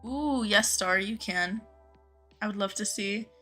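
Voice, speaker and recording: A woman's voice: medium pitch, a little slow, bright, forceful tone, faint music behind. A young woman live-streaming a game, chatting casually with viewers, greeting them by name and gushing over cute things.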